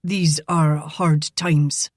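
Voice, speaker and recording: A woman doing a gruff older Southern father. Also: low-pitched, fairly even intonation, extremely slow, a little mellow, dry recording, clean studio sound, pitched below the performer's own voice, full character voice. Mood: flustered.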